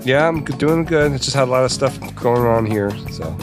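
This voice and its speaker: A man's voice: mid-range voice, expressive, a little fast, over music. A man co-hosting a podcast, chatting casually with wry remarks and frequent laughter. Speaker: podcast co-host. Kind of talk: casual chat.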